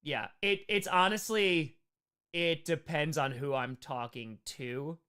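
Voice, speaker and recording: A young man with a New York accent chatting casually and quickly while answering viewer questions on a live stream, playful and animated. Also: a little high, clear, resonant tone. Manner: fast, animated, playful, reads chat aloud.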